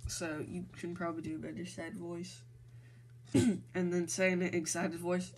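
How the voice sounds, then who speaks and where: Low-voiced woman giving casual instructions. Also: little pitch movement, normal speed, darkish tone. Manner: rambling, informal, keeps clearing her throat. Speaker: fan-video maker directing a voice actor.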